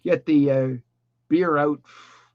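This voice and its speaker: A man's voice: on the high side, steady tone, slow pace, dry recording. A man in casual chat, blunt and swearing freely, on dull lo-fi audio. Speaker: podcast participant.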